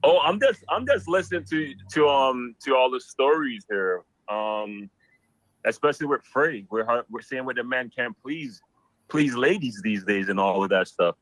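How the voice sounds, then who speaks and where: A man's voice: mid-range voice, animated, normal speed, fairly bright tone, no echo, low-quality recording. A male caller on a call-in show, telling a story in a rowdy, exclamatory way and repeating himself a lot.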